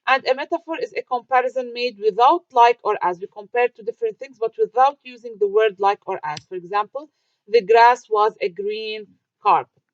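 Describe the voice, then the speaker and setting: A woman's voice: a little high, moderate pace, dry recording. A woman teacher giving a recorded lecture, explaining step by step, asking questions and answering them herself, with fillers and restarts. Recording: dry, muffled lo-fi.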